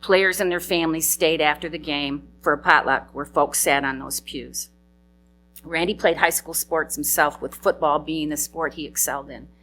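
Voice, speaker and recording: A woman's voice: deep voice, fairly even intonation, normal speed, fairly bright tone. A middle-aged woman giving a eulogy for her husband, sharing fond, funny anecdotes and laughing through tears. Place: memorial service hall.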